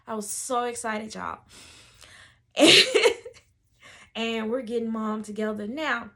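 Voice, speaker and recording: A woman, a doula telling a story to camera in a lively way and acting out the voices of the people in it. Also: fairly high pitch, moderate pace, shouting.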